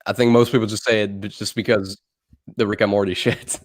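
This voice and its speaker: His voice sits on the low side, barely moving in pitch, and comes a little fast. He's a young Dutch co-host from the Netherlands in a loose livestream chat, laughing and swearing as he rambles.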